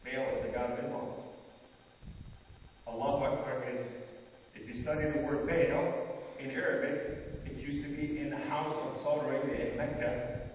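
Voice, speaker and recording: A man's voice: mid-range voice, fairly even intonation, moderate pace, pauses often, a little hiss or hum. A man giving an emphatic, repetitive preaching talk to an audience, recorded on a phone from the audience in a large hall. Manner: emphatic, repetitive, rising and falling in force. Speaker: speaker addressing an audience. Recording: dull, distant, echoey hall phone recording.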